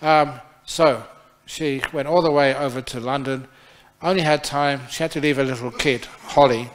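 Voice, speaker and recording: A man's voice: mid-range voice, steady tone, normal speed. A man, a Buddhist monk teacher, giving a dharma talk and telling stories in a chatty, playful way. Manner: chatty, playful, laughs often. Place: temple hall.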